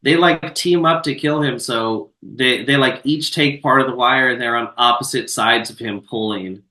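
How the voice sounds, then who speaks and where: Bright-voiced man in an echoey room. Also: medium pitch, moderate pace, far from the mic. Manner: laid-back, profane storytelling with filler words. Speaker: podcast co-host. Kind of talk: casual chat recapping a film.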